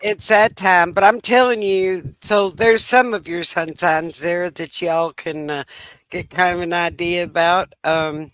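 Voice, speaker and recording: A woman's voice: lowish voice, steady tone, a little slow, a bit bright, clean tone, no echo. A woman host in an easygoing, chatty wrap-up of the show.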